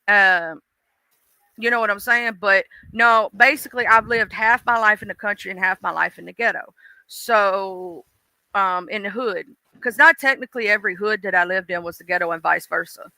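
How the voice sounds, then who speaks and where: A woman's voice: mid-range voice, normal speed, gravelly, bright, forceful tone, dry recording. A woman with a mixed Southern accent, chatting casually on a live stream and talking straight to her viewers in a folksy way.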